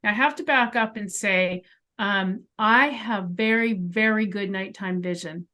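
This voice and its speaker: A woman guest, a clairvoyant, telling a personal story in a conversation, animated and full of emphatic asides, speaking from a bedroom at home. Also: medium pitch, measured pace.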